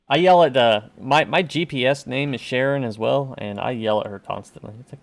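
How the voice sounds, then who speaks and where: A man streaming a video game, chatting casually and joking as he plays, often yelling at the game. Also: mid-range voice, a little fast, hardly any pauses. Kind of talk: casual gameplay commentary.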